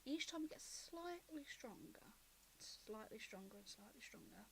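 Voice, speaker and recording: A woman with a high voice runs a tabletop game as game master. She narrates in a rambling, hesitant way, full of fillers and restarts. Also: expressive, normal speed, creaky, fairly bright tone, in a whisper.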